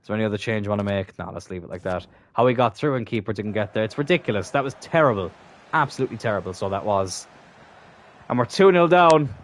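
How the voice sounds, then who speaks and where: A young man commentating his own gameplay live, swearing constantly and swinging from exasperated outbursts to low muttering. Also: lively intonation, quick pace. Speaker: gaming channel host.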